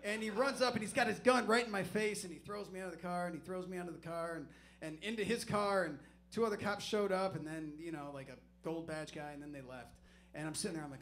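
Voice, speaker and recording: A man's voice: high voice, fast, fairly bright tone, a little hiss or hum. A man doing stand-up comedy, telling a story in a loose, profane, self-mocking way on a comedy club stage.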